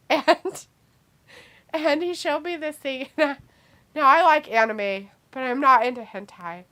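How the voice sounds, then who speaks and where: Woman, higher-pitched voice, casual stream co-host, chatty and sarcastic. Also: takes it slowly, long pauses, sharp tone. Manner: reads chat messages aloud, laughs a lot, sarcastic. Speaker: co-host of a wrestling watch-along stream. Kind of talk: casual live-stream chat.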